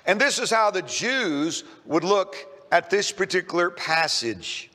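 A man's voice: high voice, animated, unhurried, sharp tone, long reverb tail. A man preaching a sermon in church, emphatic and often repeating his first words as he starts a sentence. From Kentucky. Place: church sanctuary.

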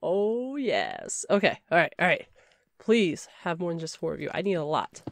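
A woman's voice: on the low side, brisk. A woman giving chatty let's play commentary, talking to in-game items and shrieking when startled. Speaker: gamer.

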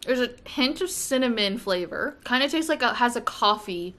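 An American woman vlogging at home, chatting casually while unboxing and taste-testing treats, with gushing, excitable exclamations. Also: a little high, moderate pace, few pauses. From United States.

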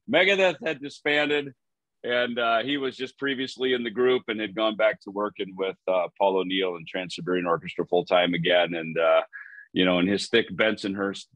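Man, 50s, musician guest, animated storyteller, dry sound. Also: normal speed, dry recording, highs cut off. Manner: animated storyteller, lively pitch swings. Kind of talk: casual interview chat.

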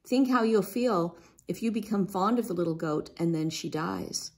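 A woman voicing a kind, worried father on a ranch, speaking slowly in a low hushed voice. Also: vocal fry. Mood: gently worried.

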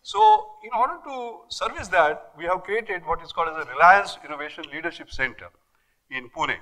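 An older man with an Indian English accent giving an academic lecture, emphatic and animated, with many rhetorical questions and fillers. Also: a little high, moderate pace, rough recording. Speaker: guest lecturer. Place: lecture hall.

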